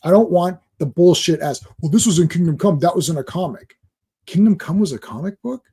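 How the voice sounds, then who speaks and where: A man hosting a live stream, ranting and swearing, dropping into quick impressions of other people. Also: sits high, animated, mellow, breathy edge. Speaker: host.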